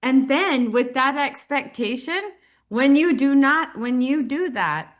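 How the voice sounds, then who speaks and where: A woman co-hosting a podcast, speaking in a deliberate, reflective way. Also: sits high, animated. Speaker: podcast co-host. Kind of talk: casual chat.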